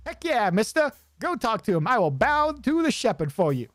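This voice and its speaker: A man voicing an eager young male rodent street vendor, chirpy and scheming in a high voice. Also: sing-song, moderate pace, fairly bright tone, no room sound, heavily acted. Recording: faint music behind.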